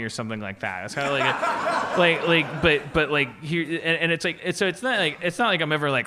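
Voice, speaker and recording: Bright, rambling comedic man. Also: fairly high pitch, animated, normal speed. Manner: rambling, restarts a lot, swears freely, acts out voices. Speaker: podcast host. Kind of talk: casual comedic storytelling. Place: podcast stage with live audience.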